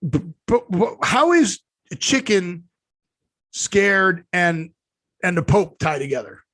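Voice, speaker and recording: A man with a fairly high voice tells a long, meandering anecdote and stops often to restart his sentences. His speech carries the easy looseness of casual podcast chat, recorded close and dry with no room sound. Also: sing-song, slow, fairly bright tone, dry recording. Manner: rambling storyteller, many fillers and restarts. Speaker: podcast co-host.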